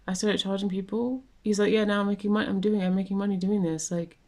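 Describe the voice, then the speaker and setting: A woman's voice: mid-range voice, steady tone, fast, warm tone. Rambling young woman ranting casually. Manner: rambling, many fillers and restarts. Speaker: vlogger. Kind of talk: casual rant to camera.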